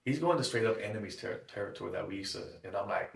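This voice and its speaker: A man's voice: fairly low pitch, rapid-fire, creaky. A man giving a tearful, shaky personal testimony, acting out the dialogue in his story. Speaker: guest. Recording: echoey room, mic at a distance.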